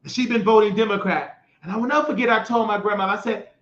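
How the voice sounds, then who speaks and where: An American show host delivers a fired-up political monologue, heated and sometimes shouting, rambling and restarting his sentences. His voice sits high and moves quickly. The recording is echoey and muffled, with dull lo-fi sound.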